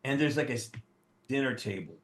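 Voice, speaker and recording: A man's voice: medium pitch, fairly quick. Older guy in his 60s spinning a sweary party story, does little voices for people, kinda echoey room. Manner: animated, profane, acts out the people in his stories. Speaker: actor guest. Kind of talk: casual storytelling anecdote. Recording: roomy echo.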